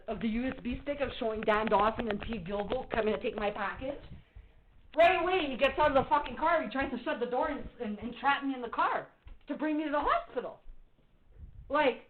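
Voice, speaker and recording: A middle-aged woman on a phone call to police, agitated and accusatory, swearing heavily as she complains. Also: high voice. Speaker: caller reporting to police. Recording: muffled phone-call recording.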